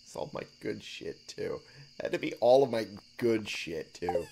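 A man's voice: fairly low pitch, lively intonation, unhurried, vocal fry, slight background noise. A man giving casual commentary over his own gameplay. He swears a lot, laughs often, and keeps exclaiming in exasperation. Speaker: let's play streamer. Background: game music.

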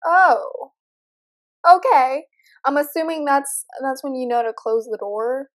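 High-voiced nervous young woman gamer. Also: moderate pace. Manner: nervous, jumpy, talks to viewers. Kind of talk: horror game commentary.

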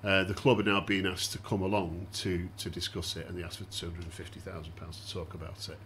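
A man with a fairly low voice hosts a casual podcast. He recounts events in an orderly, explanatory way and turns to his guests with questions. A faint noise floor runs underneath. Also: little pitch movement, quick pace, a bit bright. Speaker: podcast host.

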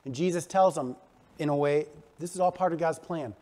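A male pastor preaching a sermon, telling the story with animated energy and acting out the quotes. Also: fairly high pitch, normal speed.

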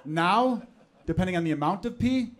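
A man, performing a stand-up comedy set on stage. He talks conversationally and jumps into loud, exaggerated voices when acting out other people. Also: sits high, lively intonation, normal speed, heavy background noise. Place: comedy club stage with laughing audience.

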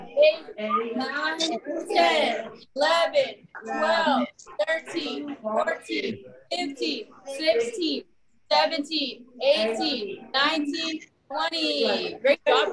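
A woman with a bright, high-pitched voice leads a chair exercise class as the instructor. She is upbeat and encouraging and counts each rep out loud. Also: expressive, very slow, a crowd in the background, poor audio. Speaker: fitness instructor.

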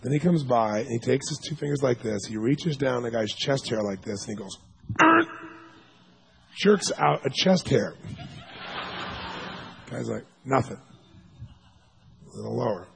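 A man giving a seminar talk, telling stories in an animated way and acting out the people he quotes, sometimes with sudden loud shouts. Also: medium pitch, a little slow, creaky, long pauses, slight background noise. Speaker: seminar speaker. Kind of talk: storytelling lecture.

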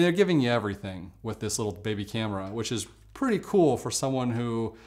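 A man with a slightly low voice hosts a casual camera review vlog. He talks in a relaxed, chatty way, full of fillers and side remarks.

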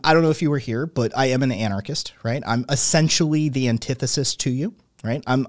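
A man in his late thirties hosts a conversation. He speaks at a medium pitch in long, winding sentences full of fillers. His voice sounds dry and close to the mic. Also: darkish tone, no room sound. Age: late 30s. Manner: talkative, wordy, many fillers and restarts. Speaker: podcast host. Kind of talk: conversational interview.

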